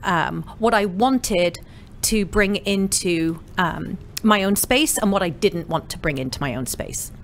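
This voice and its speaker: A woman from the UK whose British accent has softened, a salon owner chatting casually as a guest with a friendly, self-deprecating manner. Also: mid-range voice, unhurried, hardly any pauses, slight background noise. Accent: British, softened by years in America. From United Kingdom. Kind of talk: casual interview chat.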